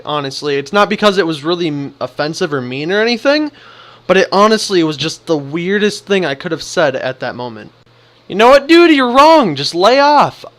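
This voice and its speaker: A young man vlogging a casual story, animated and acting out what people said. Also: sits high. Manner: animated, acts out the quotes.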